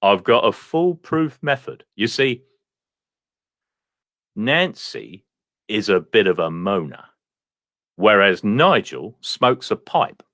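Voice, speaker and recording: A man's voice: on the low side, expressive, takes it slowly, long pauses, a bit bright, no room sound, clean studio sound. A man doing a boastful bragging cousin. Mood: boasting. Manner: boastful, eager. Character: boastful adult male cousin bragging about his love life.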